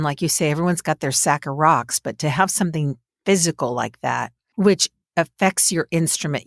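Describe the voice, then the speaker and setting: Low-voiced woman podcast host. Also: no room sound, studio quality. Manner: warm, affirming interviewer with long, winding questions. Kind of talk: podcast interview.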